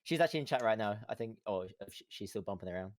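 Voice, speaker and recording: A man's voice: lowish voice, lively intonation, racing. A man being interviewed on a livestream, friendly and giggly, who often stammers and repeats his words. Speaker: guest streamer being interviewed. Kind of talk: casual livestream interview chat.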